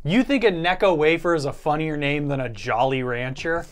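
A man co-hosting a casual podcast chat, playful and animated. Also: fairly high pitch, normal speed. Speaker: podcast co-host.

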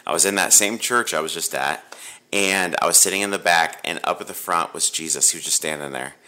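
Bright-voiced deep-pitched man telling a story. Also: fairly quick. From Ohio. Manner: animated, rambling storyteller with many restarts. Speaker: pastor and guest. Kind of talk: telling a personal faith story.

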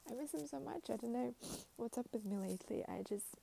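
A young woman from Ukraine, vlogging outdoors at a snowy train station in a halting, reflective way with many fillers. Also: on the high side, gravelly, dark tone, slight background noise, low-quality recording. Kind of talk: casual personal vlog.

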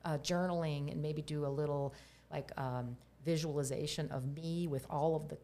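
Low, gravelly-voiced middle-aged woman. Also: fairly even intonation, normal speed, dark tone. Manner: reflective, open, drifts to a near-whisper. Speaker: guest, herbalist. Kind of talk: candid personal storytelling.

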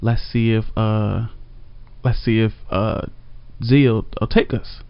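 A man's voice: fairly low pitch, fairly even intonation, slow pace, gravelly, smooth, no room sound. Man, easygoing storyteller who corrects himself as he goes, dry dull recording. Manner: laid-back, rambling, self-correcting. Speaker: storyteller co-host. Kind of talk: casual storytelling chat. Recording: dry, slightly dull audio.

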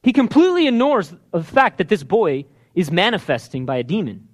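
A man's voice: sits high, big pitch swings, fairly quick. A man preaching a sermon, telling a story with energy and acting out the characters' voices. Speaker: pastor.

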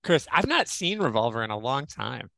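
Man, podcast guest, animated and jokey, bright higher voice, dry close mic. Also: normal speed, gravelly, no room sound. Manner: animated, jokey, slips into impressions. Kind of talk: casual film discussion.

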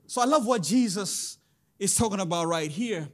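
Very high-voiced male pastor preaching. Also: moderate pace. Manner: lively, sing-song preaching with frequent chuckles and call-outs to the congregation. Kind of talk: sermon.

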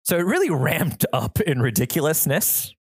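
Podcast host, frantic storytelling, self-mocking, mid pitch, dry close sound. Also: normal speed, breathy edge, no echo. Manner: frantic, chaotic, animated telling. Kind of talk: storytelling monologue.

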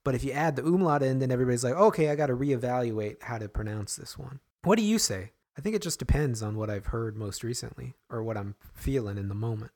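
A man's voice: mid-range voice, fast talker, few pauses, a little mellow. A man co-hosting a casual chat, rambling and correcting himself with a playful, joking manner. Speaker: podcast co-host.

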